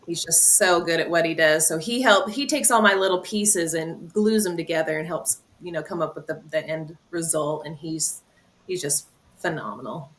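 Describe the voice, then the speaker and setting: A woman from a hard rock band, a guest on a radio interview, talking in a relaxed, halting way. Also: low-pitched, slight background noise. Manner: relaxed, halting, full of fillers. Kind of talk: casual interview chat.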